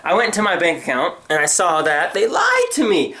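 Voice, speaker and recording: Venting to his new camera for laughs, this young vlogger speaks in a high voice at a moderate pace with hardly any pauses. The built-in camera mic captures his animated sarcasm as he mimics people in goofy voices.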